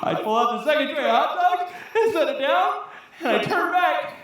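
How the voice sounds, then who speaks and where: A woman telling a comic story on stage, animated and laughing often. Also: sits high, moderate pace. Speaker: storytelling contestant. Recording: echoey hall from a distance.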